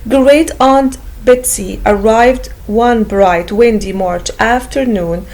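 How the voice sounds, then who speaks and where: Woman narrator, slow pace, careful reading, storybook audiobook. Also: on the high side, darkish tone, poor audio.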